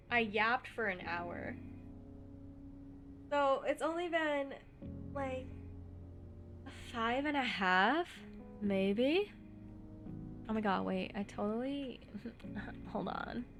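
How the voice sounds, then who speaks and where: Young woman streamer, giggly, chatty, casual reading with faint music underneath. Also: on the high side.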